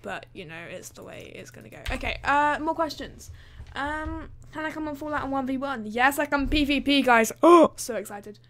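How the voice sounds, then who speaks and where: A woman's voice: sits high, lively intonation, moderate pace, a bit bright. A woman, livestreaming her gaming in a hyper, chatty way full of fillers. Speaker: gaming streamer. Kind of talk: excited livestream chat.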